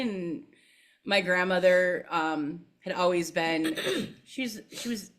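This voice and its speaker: A woman's voice: fairly low pitch, slow, fairly bright tone. A young woman, telling her story as a podcast guest in a chatty way, with many fillers and frequent laughs. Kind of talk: casual interview storytelling.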